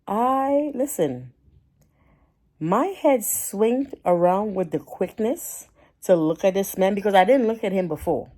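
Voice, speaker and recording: A woman's voice: mid-range voice, mellow. A woman, telling a heated storytime rant to camera in a chatty, indignant way. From Caribbean. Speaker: vlogger.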